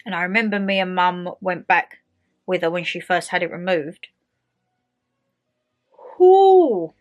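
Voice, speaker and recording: A young woman with an Essex accent talks casually to her phone camera at home, filming it in her own hand. She tells her story in a chatty, animated way, slipping into the voices of the people in it. Faint music sits behind her. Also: lowish voice, moderate pace. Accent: Essex English. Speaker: vlogger. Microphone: handheld phone camera.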